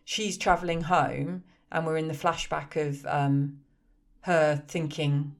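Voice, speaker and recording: A woman with a notably deep voice for a woman. She retells the plot with eager warmth and keeps defending the film, often breaking into laughter. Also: flat delivery, slow pace. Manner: enthusiastic, patiently explaining with laughter. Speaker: podcast co-host. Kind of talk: casual chat.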